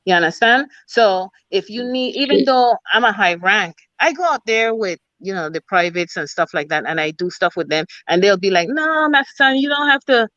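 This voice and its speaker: A middle-aged woman from the Virgin Islands tells her stories with emphasis, in a clear Virgin Islands accent. She speaks as a guest on a video call interview, and her voice sits at an ordinary pitch for a woman. The audio is dry and a little dull. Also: normal speed, hardly any pauses, fairly bright tone, no echo. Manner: emphatic, repeats "you know" and "you understand". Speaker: guest, military officer. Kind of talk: casual interview storytelling.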